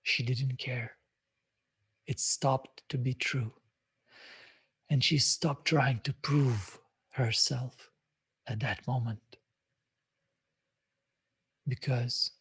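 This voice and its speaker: A man's voice: medium pitch, slightly rough. A man hosting a self-development webinar, speaking reflectively with many hesitant filler sounds. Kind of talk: live webinar talk.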